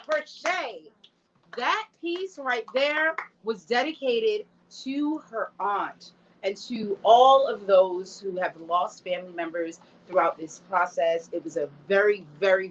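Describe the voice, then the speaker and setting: A woman hosts an online show in a loose, casual way, speaking straight to her viewers. She sounds openly emotional at times. The audio is dull and lo-fi, and her voice sits at a middle pitch. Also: measured pace, a little hiss or hum. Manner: emotional, talks to the audience directly. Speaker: host. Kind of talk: casual livestream hosting.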